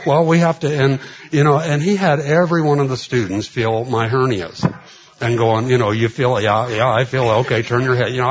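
A man's voice: medium pitch, muffled recording. A man telling long personal stories in a sermon, full of fillers and acted-out dialogue. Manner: rambling, filler-heavy anecdotes with quoted dialogue. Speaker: preacher. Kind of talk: storytelling sermon.

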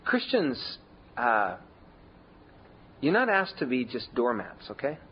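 A man preaching a sermon in a conversational way, leaning hard on key words with big shifts in pitch and volume. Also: very animated, takes it slowly, dull audio, slight background noise. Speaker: pastor.

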